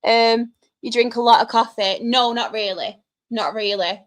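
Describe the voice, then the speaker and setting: A woman's voice: on the high side, a little slow. A young woman with a Mancunian accent, chatting casually with her live-stream audience, laughing often and trading banter with chat. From Manchester, England. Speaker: streamer answering chat questions.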